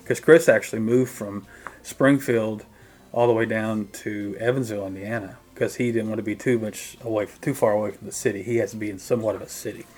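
A man's voice: on the low side, steady tone, brisk, a little mellow. A middle-aged man, a drummer, casually recounting his band days in an interview, mimicking the people he quotes. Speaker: guest musician, drummer.

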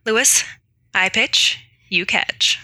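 Woman playing a calm, commanding sorceress, very bright and dry, slightly high. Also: slow pace, no room sound, heavily acted. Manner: firm, giving orders.

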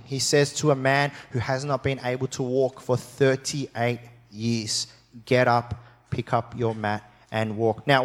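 A man giving a sermon, telling the story with animated emphasis, jokey asides and repeated phrases. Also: medium pitch, long reverb tail. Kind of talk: sermon teaching.

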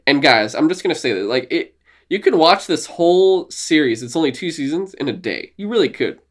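A man's voice: fairly high pitch, fairly quick. Young guy gushing on a podcast, swears constantly, keeps laughing and doing goofy voices. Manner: excited, swears a lot, laughs often, acts out quotes in silly voices. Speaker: podcast co-host. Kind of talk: casual chat.

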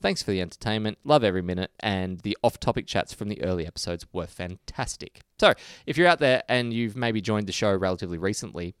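A man's voice: on the low side, expressive, quick pace, hardly any pauses, clear, resonant tone, no room sound, studio quality. A man with an Australian accent, co-hosting a podcast and telling a rambling story in casual chat. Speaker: podcast co-host.

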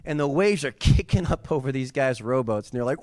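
A male pastor preaching an animated sermon, moving between quiet asides and loud, yelling passages. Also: mid-range voice, moderate pace, dry recording, studio quality.

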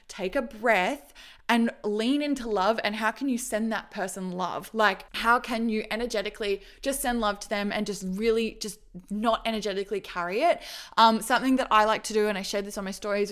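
A woman's voice: a little high, a bit bright. A woman hosting her own podcast as a business coach, talking casually and encouragingly straight to her listeners, saying "like" constantly. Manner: chatty and encouraging, heavy use of "like". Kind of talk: casual solo podcast monologue.

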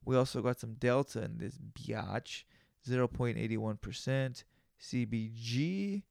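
A man with a gravelly, fry-laden voice rambles through a casual solo podcast rant, high and full of slang and swearing. The sound is close and dry, with no room around it. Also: steady tone, measured pace, darkish tone, dry recording. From United States. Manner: profane, loose, slangy ranting. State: high on cannabis.

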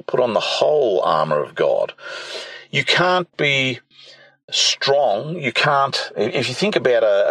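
A man preaching in a podcast, reading Bible verses aloud and explaining them in a plain, unhurried way, with fillers and restarts. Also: medium pitch, creaky, fairly bright tone, slightly rough, no echo, poor audio. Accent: British or Commonwealth spelling (realised, armour).

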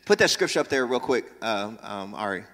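A man preaching a sermon as pastor, talking with lively energy, joking asides with the congregation and emphatic calls to action. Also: fairly low pitch, a little fast. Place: church sanctuary. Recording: long reverb in large church.

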